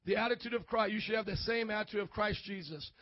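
High-voiced man preaching a sermon. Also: quick pace, dry recording, lo-fi sound. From grew up in an Italian family. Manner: call-and-response preaching, asks congregation for amens; acts out quoted voices. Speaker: pastor.

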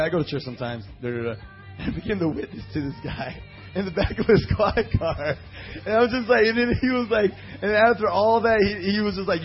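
A man preaching a sermon as pastor, reading scripture slowly and telling personal stories full of fillers and quoted voices. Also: on the high side, breathy edge, lo-fi sound. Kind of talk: sermon with storytelling.

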